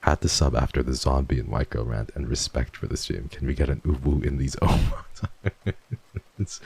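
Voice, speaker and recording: A man with an extremely deep, gravelly voice, chatting casually with his livestream viewers. He teases and swears freely, lurching from loud bursts to quiet murmurs. His tone is dark and mellow, recorded close and dry. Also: fairly even intonation, moderate pace, no echo. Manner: playful and teasing, swings between loud bursts and hushed murmurs. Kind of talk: casual livestream chat, reading donations.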